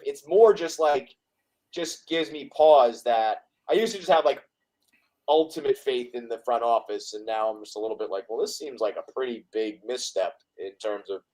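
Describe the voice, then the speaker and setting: A man's voice: a little high, darkish tone, rough recording. A man with a slightly raised voice talks through his worries in loose, rambling sentences. He leans on "like" and swears as he vents. The tone stays casual, one friend talking to others. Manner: rambling, frustrated, lots of fillers. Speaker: podcast co-host. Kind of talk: casual sports chat.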